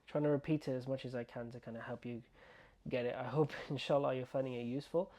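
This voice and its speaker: A man teaching an online Arabic pronunciation lesson. He is patient and repeats words slowly, stretching out the sounds. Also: mid-range voice, steady tone, warm tone.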